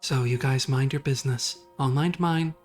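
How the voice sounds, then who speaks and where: A woman's voice: very deep voice, moderate pace, darkish tone, faint music behind. A woman voicing a cold, guarded teen girl who talks in a curt, irritated way.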